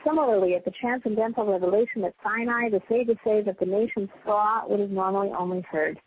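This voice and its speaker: A woman giving a casual, animated Torah class, with chatty, self-deprecating asides. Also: medium pitch, fairly quick. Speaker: Torah teacher. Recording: tinny phone-line sound with faint noise.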